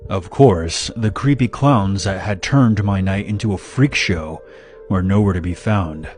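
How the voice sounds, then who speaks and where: Brief: male horror narrator, low voice, steady dramatic first-person telling, faint music behind. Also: measured pace. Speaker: story narrator. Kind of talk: scripted horror story narration.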